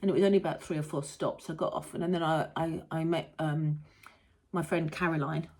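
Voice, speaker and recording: A woman's voice: low-pitched, fairly even intonation, a little fast, a little mellow. A middle-aged British woman with a rambling, chatty manner and mild swearing, hosting a casual monologue. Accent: British English. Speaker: host. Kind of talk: casual chat.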